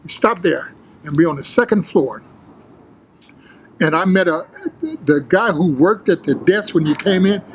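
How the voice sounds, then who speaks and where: Animated older man spinning a story. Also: high voice, measured pace, pauses often, slight background noise, low-quality recording. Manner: animated storyteller, acts out quotes, street slang. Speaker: interview guest, former bodybuilder. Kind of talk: casual storytelling interview.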